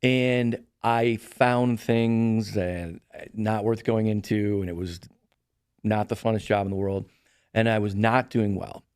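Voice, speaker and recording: This middle-aged man, a real estate broker guesting on a podcast, has a smooth, lowish voice and a slow pace. He's an animated storyteller who performs the voices of those he quotes in a casual chat. The clean studio recording has no echo.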